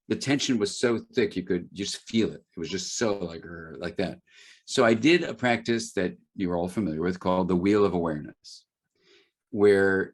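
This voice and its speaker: A middle-aged man, an author speaking as a guest in a webinar conversation, telling stories with frequent restarts and fillers. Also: lowish voice. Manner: storytelling, many restarts and fillers.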